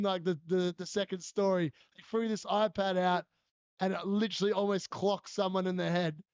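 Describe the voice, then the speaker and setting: A man talks casually on a live stream, laughing often as he tells stories and answers viewers. His voice sits high and comes through dry and close. The audio is slightly dull and lo-fi. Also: a little mellow, clean tone, no room sound. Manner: chatty storyteller, laughs often, answers chat. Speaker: fantasy football streamer.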